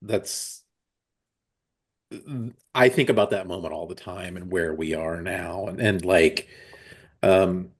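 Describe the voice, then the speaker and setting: A man in his forties speaks as an interview guest, his low voice meandering through false starts and restarts. The delivery is casual and conversational. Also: slow pace, long pauses, slightly rough. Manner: rambling with many restarts. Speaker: comics creator and publisher, guest.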